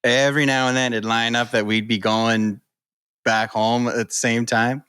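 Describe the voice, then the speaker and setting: A man's voice: medium pitch, flat delivery, moderate pace, fairly bright tone, clear, resonant tone, no room sound, studio quality. A man from New Brunswick with a local accent, swapping laid-back anecdotes on a casual podcast. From New Brunswick, Canada. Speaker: podcast co-host. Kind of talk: casual chat.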